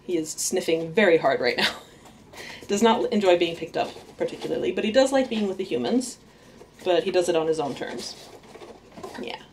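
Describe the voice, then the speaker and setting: A woman's voice: on the low side, animated, a little fast, darkish tone, a little hiss or hum. A woman in a casual home vlog, chatting about her pet rats with frequent laughs and cooing baby talk to them. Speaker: artist and vlogger introducing her pet rats.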